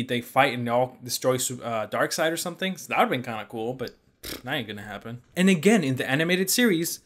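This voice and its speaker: A man's voice: mid-range voice, fairly bright tone. A young man giving a casual, blunt movie review, exasperated and swearing freely. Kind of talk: casual opinion rant.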